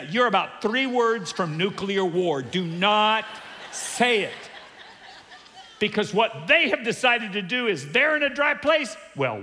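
A male pastor preaching a sermon, animated and humorous, acting out the voices of the people he quotes. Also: sits high, a little hiss or hum. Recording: long hall reverb.

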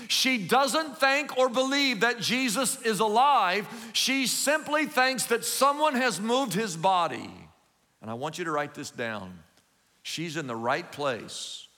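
A male pastor preaching a sermon, swinging between loud emphatic stretches and quiet asides. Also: high voice. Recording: long hall reverb.

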